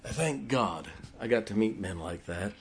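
A man preaching, telling a personal story with emotion and dropping his voice low in tender moments. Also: animated, normal speed, slight background noise. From Ohio. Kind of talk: sermon storytelling.

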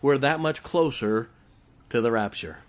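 A man's voice: medium pitch, a little slow. A middle-aged man preaching a folksy sermon, often asking the congregation questions. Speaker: pastor.

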